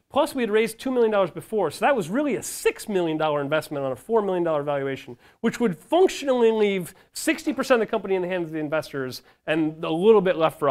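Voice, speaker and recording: A man giving a casual conference talk to founders, telling a story in a lively way, acting out what others said, with frequent ums and the odd swear word. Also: sits high. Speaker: founder speaking to startup founders.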